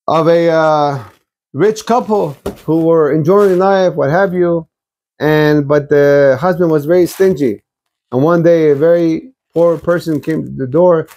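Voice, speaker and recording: Brief: male rabbi giving a weekly sermon, forceful, preachy, slightly high-pitched. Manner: exhortative, blunt, preachy.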